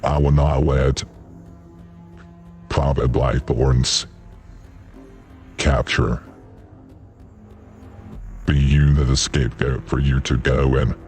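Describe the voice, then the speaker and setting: A booming giant warden. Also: male voice, level tone, a little mellow, faint music behind. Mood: stern. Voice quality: very deep voice changer. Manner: slow, stern, solemn. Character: towering bearded male prison warden, stern and deep-voiced. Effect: voice changer.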